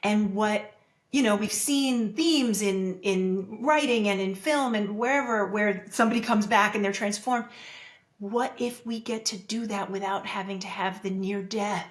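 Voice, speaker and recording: A woman hosts a casual podcast. Her voice sits at middle pitch and carries an echo from the room. She backs up her guest with short affirmations and adds asides with emphasis. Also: measured pace. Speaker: podcast host. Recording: roomy echo.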